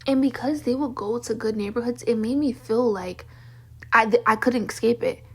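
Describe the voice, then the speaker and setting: Young woman, raspy voice, somewhat high, angry cussing rant to camera. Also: moderate pace. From Baltimore, Maryland. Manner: heated, profane, venting. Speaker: vlogger. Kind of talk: ranting monologue to camera.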